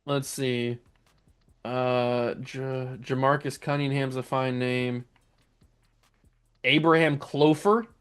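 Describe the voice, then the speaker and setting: A man's voice: mid-range voice, little pitch movement, slow, long pauses, clean tone. A young man hosting a gaming channel, chatting casually and laughing while reading through odd player names. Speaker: gaming YouTuber host. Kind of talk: casual game commentary.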